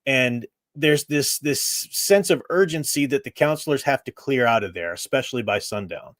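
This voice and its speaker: A man's voice: mid-range voice, expressive, normal speed, few pauses, fairly bright tone, no room sound. A man hosting a casual review show, talking enthusiastically and rambling with frequent restarts. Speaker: host reviewing games.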